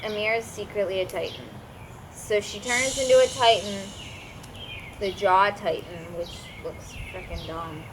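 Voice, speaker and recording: A woman's voice: mid-range voice, a little slow, background noise. A young woman, tipsy, retelling a story in a chatty, playful way and acting out the characters' lines. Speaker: co-host retelling an anime plot.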